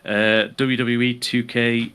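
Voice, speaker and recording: A man co-hosting an unscripted wrestling podcast, chatting in a relaxed way and running a quiz for his co-host. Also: mid-range voice, takes it slowly, smooth. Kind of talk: casual unscripted chat.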